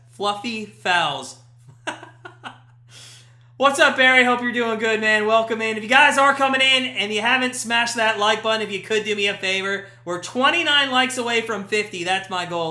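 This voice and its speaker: Excitable man calling a match. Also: sits high. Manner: excitable, chatty play-by-play that jumps to shouts at big chances. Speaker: live stream host. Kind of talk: casual watch-party commentary. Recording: echoey room.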